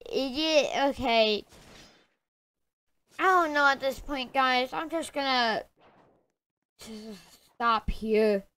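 A female gamer giving excitable live commentary over her gameplay, yelling insults at opponents. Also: sits high, slow, long pauses.

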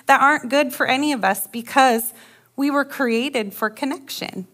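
A woman pastor preaching a sermon, reading scripture and retelling it in an animated storytelling way while asking listeners to agree. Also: high-pitched, moderate pace.

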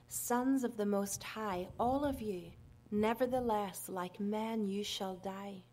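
A woman with an Irish accent reading scripture aloud in a measured way. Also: mid-range voice, darkish tone. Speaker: scripture reader.

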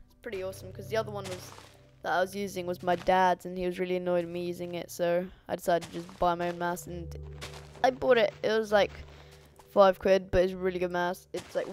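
A woman giving rambling, sweary let's play commentary. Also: fairly low pitch. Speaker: gamer.

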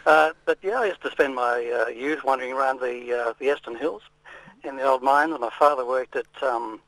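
Relaxed male phone-in caller. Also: medium pitch, brisk, no room sound, low-quality recording. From Middlesbrough, England. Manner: relaxed, hesitant, many ums. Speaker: radio caller. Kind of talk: phone-in call. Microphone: telephone.

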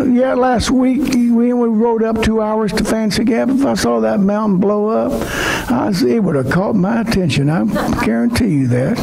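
A man preaching a sermon as pastor, swinging from emotional shouting to quiet talk. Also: high-pitched, normal speed, creaky, noisy background.

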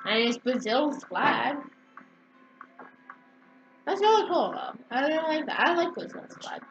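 A woman hosting a casual gameplay video, excitable and giggly as she comments. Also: sits high, measured pace, highs cut off, over music. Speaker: channel host. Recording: noisy background.

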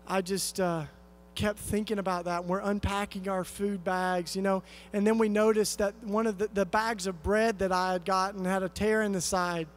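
A man's voice: high voice, level tone, moderate pace. A man from East Tennessee giving an earnest, conversational sermon-style talk at a conference, telling a story with lots of fillers and restarts. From East Tennessee, USA. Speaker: conference speaker.

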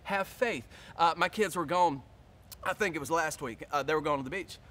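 A male pastor preaching a sermon, telling a story in a lively, casual way and acting out his own panic. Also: fairly high pitch, normal speed.

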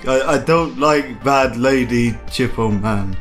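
A woman voicing a slow-talking, simple and eager young male customer with halting speech. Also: rumbling low, faint music behind, pitched below the performer's own voice.

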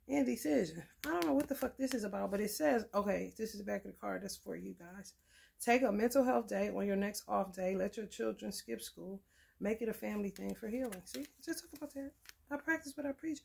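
A woman's voice: on the high side, brisk, gravelly, a little mellow, a little hiss or hum. A woman giving a blunt, profane, preachy casual tarot reading. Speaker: tarot reader.

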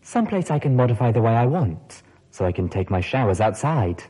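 Storybook: male reader voicing a playful female pony radio host, husky and sing-song. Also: mid-range voice, sing-song, fairly quick, poor audio. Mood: teasing. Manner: playful, teasing, gentle.

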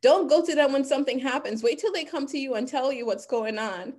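A woman giving an earnest, emphatic talk, speaking with deep conviction about lived experience. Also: a little fast, darkish tone. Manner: earnest, emphatic, becomes emotional. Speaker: guest speaker. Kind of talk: impassioned talk.

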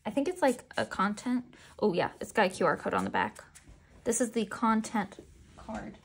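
A woman's voice: medium pitch, sing-song, normal speed, slightly rough. A woman chatting casually as she unboxes merchandise, chatty and self-deprecating with giggly asides. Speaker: unboxing vlogger.

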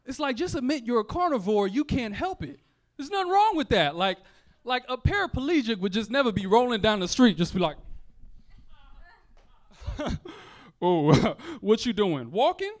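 A young man doing a stand-up comedy set on a club stage, playful and animated, slipping into voices for characters. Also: very high voice, normal speed, long pauses. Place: comedy club stage before a laughing audience.

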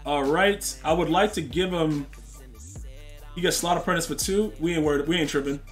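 Slangy high-voiced man streaming a game. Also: normal speed, soft background music. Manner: trash-talking, slangy, talks to chat. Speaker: gaming streamer. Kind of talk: casual live-stream commentary.

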